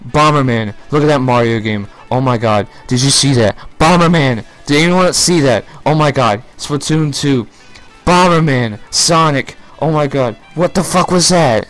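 A young man reacting live to a video presentation, excitable, shouting, swearing and gasping. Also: mid-range voice, normal speed, faint music behind.

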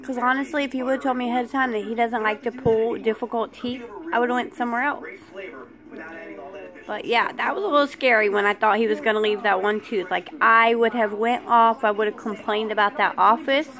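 A woman's voice: fairly high pitch, steady tone, a little fast, crowd noise. A woman vlogger frankly telling a personal story, aggravated at how she was treated.

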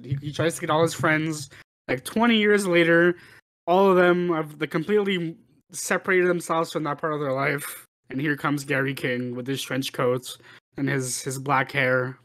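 A man's voice: fairly high pitch, normal speed, fairly bright tone. A man co-hosting a film podcast, chatting casually and rambling with many restarts. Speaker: podcast co-host. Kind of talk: casual film review chat.

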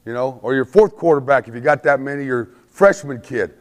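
At a mid pitch, a man delivers an emphatic football coaching clinic lecture, constantly slipping in quick checks with his listeners. He acts out the play calls he shouts in practice, and a big hall's long reverb hangs on his voice.

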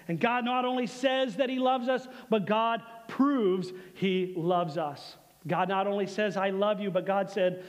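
A man with a very high voice preaches a sermon in a church sanctuary, his words trailing into a long reverb. He leads the congregation in call and response and slows to a hushed delivery on key phrases. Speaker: pastor.

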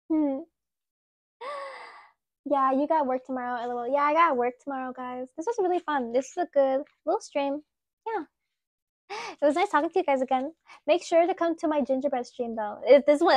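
Giggly woman in her 20s chatting on her stream, high voice, dry close mic. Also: dry recording. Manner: giggly, chatty, reacting to chat. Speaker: livestream host. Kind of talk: casual live-stream chat while sculpting clay.

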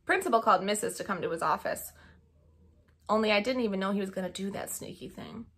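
A woman reading a children's storybook aloud with lively, expressive narration. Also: medium pitch, fast talker, breathy edge. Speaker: audiobook reader.

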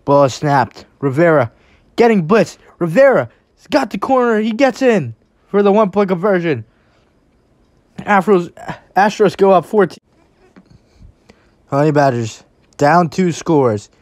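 A play-by-play commentator calling a game at an unhurried pace. The pitch swings widely, from steady, low calls on each snap up to excited shouts on the big plays. The sound is dry and close, with no room echo. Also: soft background music.

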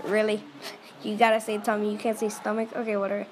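A woman casually reacting out loud as she reads a chat story, excitable and full of quick exclamations. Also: medium pitch, a little hiss or hum. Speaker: vlogger reading a chat story.

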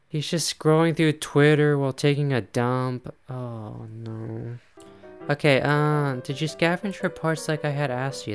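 A man giving casual let's-play commentary, chatty and quick to laugh, talking straight to the game's characters. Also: on the high side, soft background music. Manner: chatty, laughs often, talks to game characters. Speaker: gaming YouTuber.

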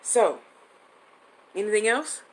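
A woman in her fifties hosts a live-streamed psychic reading, her mid-range voice expressive and slow. The recording is low quality. She's chatty and affectionate as a psychic medium host, rambling and restarting.

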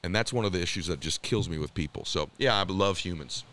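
A man's voice: low voice, fast talker, a bit bright. A man talking as an interview guest, telling stories in an emphatic, earnest way. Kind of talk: casual conversation.

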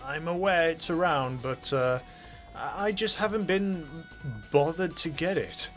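A man's voice: a little high, takes it slowly, a bit bright, faint music behind. A man hosting a gaming channel, narrating a casual game review in a chatty, offhand way with jokey asides.

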